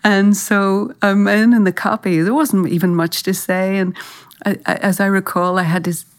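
A woman's voice: medium pitch, fairly even intonation, moderate pace. An Irish woman, an actress, telling career anecdotes in a thoughtful interview, often restarting her sentences. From Ireland. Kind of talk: reflective interview storytelling.

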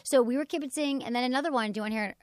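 A woman hosting a podcast in casual chat, chatty and trailing off quietly at the ends of thoughts. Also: sits high, racing, no room sound, studio quality. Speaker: podcast host. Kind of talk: casual chat and sponsor reads.

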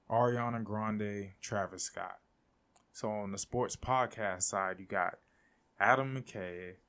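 An excitable young man talks through a casual solo podcast in a low-pitched voice. He rambles, laughs a lot and trips over his words as he goes. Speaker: podcast host.

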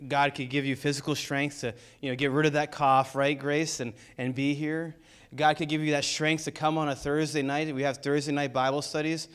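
A man's voice: on the high side, flat delivery, moderate pace, fairly bright tone, smooth. A man preaching a sermon as pastor of a church, building intensity with rhetorical questions.

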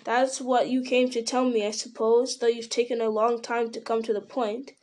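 A woman voicing a wary young male hobbit, speaking slowly and questioningly in an audiobook reading. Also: fairly high pitch, level tone, darkish tone, natural voice. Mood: impatient. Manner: slow, questioning, deliberate.

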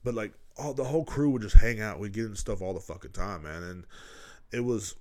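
A man's voice: fairly low pitch, a little fast, a little mellow. A man, hosting a podcast and telling rambling, profane stories, laughing as he goes. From Texas. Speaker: podcast host. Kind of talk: casual storytelling.

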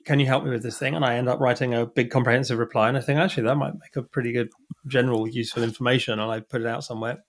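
A man's voice: medium pitch, steady tone, racing. A man talking casually as a podcast guest, chatty and self-deprecating, often restarting his sentences. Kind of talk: casual conversation.

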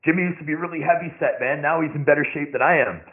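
A man hosting a casual chat, talking quickly and chiming in with agreement. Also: fairly high pitch. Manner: quick, chatty, frequent agreeing. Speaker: podcast host. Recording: phone-like narrow sound.

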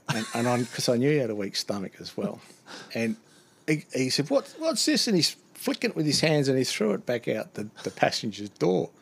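A man's voice: mid-range voice, creaky, slight background noise. A man telling a funny work anecdote in a casual chat, acting out the other voices and laughing often. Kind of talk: casual storytelling.

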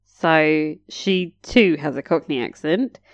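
Wry, lively woman chatting dry. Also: low voice, creaky, no echo, dull audio. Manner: wry, chatty, quick to laugh. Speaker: co-viewer reacting to a period drama. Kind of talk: casual reaction chat.

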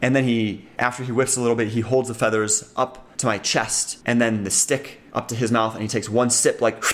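A man's voice: mid-range voice, level tone. A man hosting a faith podcast, intensely retelling his own spiritual testimony in a run-on, conversational way. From Colorado, USA. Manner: intense, fast-running retelling with many "like"s and "right?". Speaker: podcast host. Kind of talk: personal testimony storytelling.

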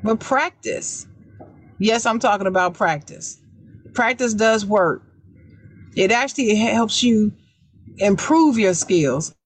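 Loud, emphatic woman podcast host. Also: medium pitch, animated. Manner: emphatic, repeats key words; deliberately raised, loud speaking voice. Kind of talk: casual advice chat.

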